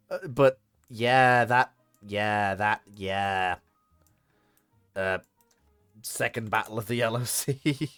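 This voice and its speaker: A man's voice: lowish voice, takes it slowly, pauses often, fairly bright tone, clear, resonant tone, no room sound, soft background music. A man streaming a naval strategy game, chatting casually, laughing often, swearing and putting on mock dialogue. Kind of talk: casual gaming commentary.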